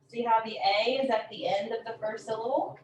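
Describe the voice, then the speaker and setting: A woman teaching a phonics lesson, saying each word slowly and repeating it several times. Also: on the high side, steady tone, a little hiss or hum. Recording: echoey room from a distance.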